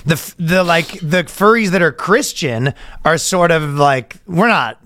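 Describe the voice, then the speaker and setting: A man's voice: fairly high pitch, a little slow, fairly bright tone, no room sound. A man co-hosting a comedy podcast, telling crude jokes in casual chat. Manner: jokey, breaks into mock preacher voices. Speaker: podcast co-host.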